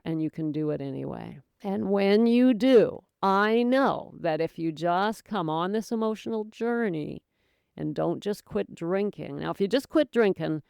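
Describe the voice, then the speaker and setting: A woman's voice: fairly low pitch, creaky, darkish tone, clear, resonant tone, no room sound, studio quality. A woman hosting her own sobriety podcast, talking straight to the listener in an earnest, encouraging, folksy way. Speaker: podcast host, sobriety coach. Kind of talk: motivational solo talk.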